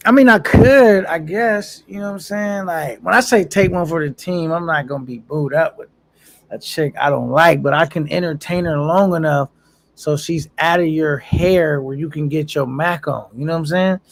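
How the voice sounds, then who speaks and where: A man's voice: fairly high pitch, moderate pace, gravelly. A man casually chatting on a live stream, reading viewer comments aloud in a laid-back, slangy way and laughing often.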